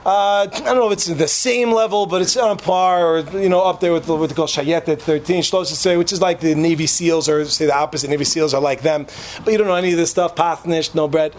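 A man's voice: fairly high pitch, steady tone, brisk, slight background noise. Chatty man telling a funny story. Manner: chatty, joking, addresses the audience with asides. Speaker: speaker telling a story to an audience. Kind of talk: humorous storytelling talk.

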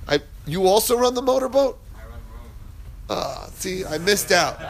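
A man's voice: sits high, animated, a little slow, creaky. A man teaching a casual Torah class, chatty and digressive, who drifts into stories and laughs as he tells them.

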